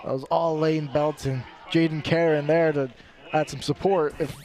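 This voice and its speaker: A man's voice: a little high, steady tone, moderate pace, a little mellow. A man giving casual color commentary on a live college football game, often repeating words as he talks. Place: outdoor football stadium broadcast booth.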